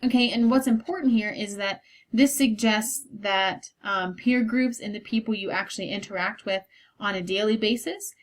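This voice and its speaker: A woman's voice: mid-range voice, normal speed. A woman college instructor giving a recorded lecture, explaining things step by step with frequent ums and okays.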